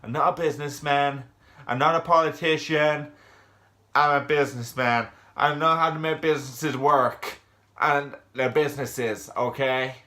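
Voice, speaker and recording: A loud, swaggering American tycoon-politician who brags in short repeated phrases, his voice pushed up a little higher than normal speech, as a man puts on a rough American accent. He sounds boastful and self-assured. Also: steady tone, a little slow. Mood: blustering. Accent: put-on American. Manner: boastful, repetitive bragging. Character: blustering American businessman-politician, middle-aged man.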